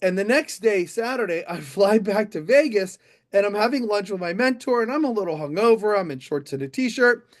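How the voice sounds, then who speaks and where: A middle-aged man, a motivational speaker, telling an animated story on stage and speaking straight to a live audience. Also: sits high, normal speed. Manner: animated, addresses the audience directly.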